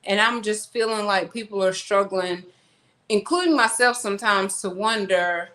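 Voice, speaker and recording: A woman's voice: medium pitch, moderate pace, sharp tone. Chatty woman vlogging at home. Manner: chatty, rambling, talks to viewers as y'all. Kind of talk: casual chat while unpacking groceries. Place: at home, kitchen. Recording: echoey room, faint noise.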